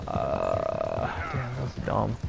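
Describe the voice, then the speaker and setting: A young adult man from Pennsylvania streams a video game, his voice extremely low and gravelly, pitch swooping wildly as he talks slowly. He rambles casually and profanely, often exasperated, with background noise behind him.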